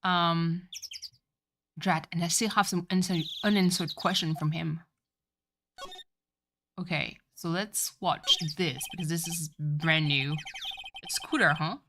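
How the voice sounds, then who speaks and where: A woman streamer playing a game, reading its dialogue aloud with lively asides and self-corrections. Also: lowish voice, slow, pauses often, slight background noise.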